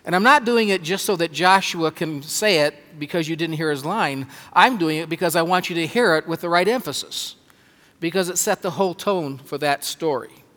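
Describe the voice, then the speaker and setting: A man preaching a sermon as pastor, slow and emphatic, stressing words with pauses. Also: a little high, pushed and bright. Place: church sanctuary. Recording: long hall reverb.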